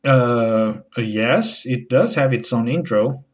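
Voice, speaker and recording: A man delivering a wry, deadpan comedy monologue as host. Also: medium pitch, slow pace. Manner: deadpan, wry, switching into mocking voices.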